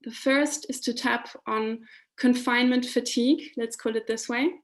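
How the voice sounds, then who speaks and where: A woman's voice: a little high, steady tone, normal speed. A woman health and life coach, patiently explaining a technique in a guided coaching session over a video call.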